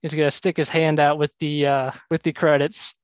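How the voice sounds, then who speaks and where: A man's voice: fairly high pitch, flat delivery, moderate pace, smooth, no echo. A man playing in a tabletop game, chatting casually and describing his character's actions. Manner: casual, slips into character lines. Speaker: player.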